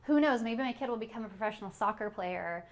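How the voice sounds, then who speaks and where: A woman's voice: medium pitch, fast. A woman co-hosting a parenting podcast, talking casually with many fillers and frequent laughs. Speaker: podcast co-host.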